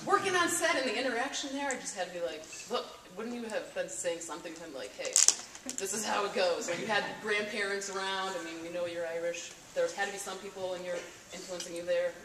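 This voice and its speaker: A woman's voice: medium pitch, quick pace, heavy background noise. Chatty woman asking from the audience. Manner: chatty, teasing. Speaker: audience member asking a question. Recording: roomy hall, far from mic, crowd.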